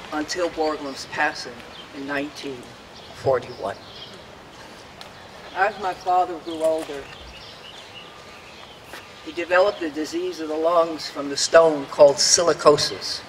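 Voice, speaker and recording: A man's voice: fairly high pitch, fairly bright tone, big-room sound, slight background noise, rough recording. An older man giving a prepared, earnest speech at an outdoor memorial dedication, reminiscing about the past and acting out the voices he quotes. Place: outdoors at a public dedication ceremony.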